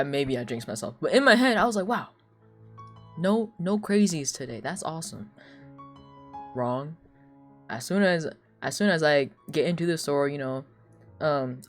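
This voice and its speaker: A young woman streamer telling casual stories, animated and laughing often, with lots of "like.". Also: low-pitched. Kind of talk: casual storytelling chat.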